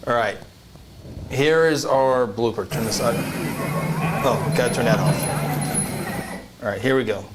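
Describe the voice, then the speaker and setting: A man hosting a live podcast in casual chat, relaxed as he talks while searching his computer. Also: mid-range voice, slow, long pauses, very noisy. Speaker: podcast host.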